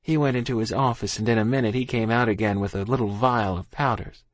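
A man narrating a story in first person, in an earnest, steady manner. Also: lowish voice, fast, no echo. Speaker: audiobook narrator.

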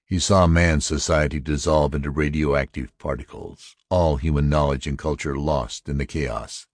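A man reading a story aloud as narrator, measured and steady. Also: extremely low pitch, no echo, studio quality. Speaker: audiobook narrator. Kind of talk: scripted narration.

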